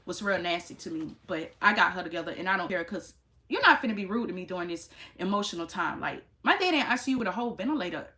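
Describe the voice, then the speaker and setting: A woman's voice: sing-song, fast, pushed and bright. Exasperated woman nurse ranting to camera. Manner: emphatic and exasperated, jumps into high exclamations; chatty, talks straight to viewers. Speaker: nurse vlogger. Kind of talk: casual storytelling rant to camera.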